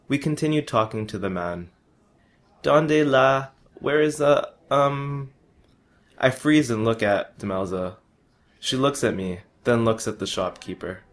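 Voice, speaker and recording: A young man reading a personal travel story aloud, earnest, sometimes restarting a word. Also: lowish voice.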